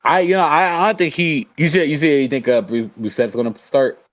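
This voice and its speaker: A man's voice: a little high, fairly quick. A man co-hosting a podcast, chatting casually about football and thinking aloud with lots of fillers. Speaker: podcast co-host. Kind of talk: casual sports chat. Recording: dull lo-fi audio.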